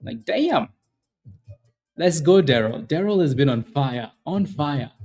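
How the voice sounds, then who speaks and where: Faint music plays behind a man whose slightly high, darkish voice has lively intonation and a moderate pace. He hosts a day-trading livestream, hyping trades, repeating himself, and chatting casually with viewers he addresses by name.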